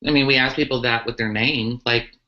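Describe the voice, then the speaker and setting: A transgender activist with a very deep, steady voice answers questions earnestly and briskly during a live online talk. She says "um" a lot and often restarts, and the livestream audio is muffled and lo-fi.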